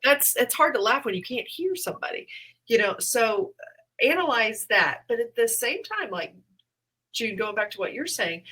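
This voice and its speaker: A woman comedian and podcast co-host, talking in a casual, animated way and often laughing as she acts out her own past reactions. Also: on the high side, moderate pace, slightly rough, poor audio. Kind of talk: casual chat.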